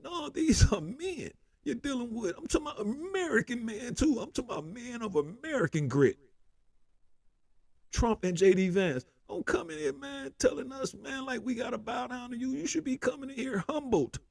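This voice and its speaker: A man's voice: very high voice, expressive, normal speed, vocal fry, a little mellow, breathy edge, no echo. A man hosting a political commentary show, ranting heatedly with constant profanity and repeated "man".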